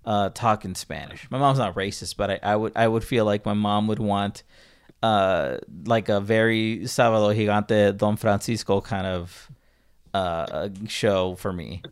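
Speaking slightly slowly in a lowish voice with fairly even intonation and a clean tone, a young man co-hosts a casual podcast. He rambles and stumbles, breaking off mid-thought and laughing a lot.

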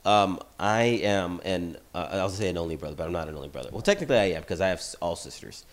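Blunt, jokey man with a low voice. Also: lively intonation, quick pace. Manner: blunt, forward, jokey storyteller. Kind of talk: casual chat.

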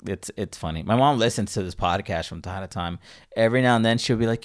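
A man's voice: fairly low pitch, quick pace. A young man co-hosting a casual podcast, rambling and stumbling over his words with frequent laughs. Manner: rambling, self-interrupting, laughs often. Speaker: podcast co-host.

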